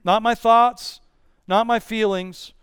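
A male pastor preaching an earnest, measured sermon with Bible readings. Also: high voice, steady tone, fairly bright tone, smooth, dry recording, studio quality.

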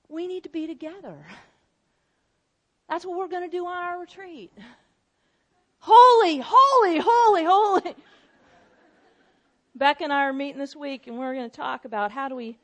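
A woman preaching a sermon in a conversational, storytelling way, acting out excited shouts and call-and-response scenes. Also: sits high. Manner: animated storytelling with acted-out shouts. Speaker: pastor.

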